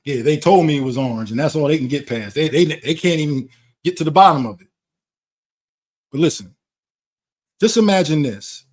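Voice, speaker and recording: A man's voice: fairly high pitch, moderate pace, pauses often. A man talking in a blunt, profane, lecturing way during a casual conversation. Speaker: channel host.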